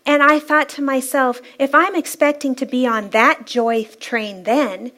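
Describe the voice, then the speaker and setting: A woman, a spiritual practitioner, giving an inspirational sermon-style talk in a church, telling stories in a lively, playful way and laughing often. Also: high voice, measured pace, hardly any pauses. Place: church sanctuary.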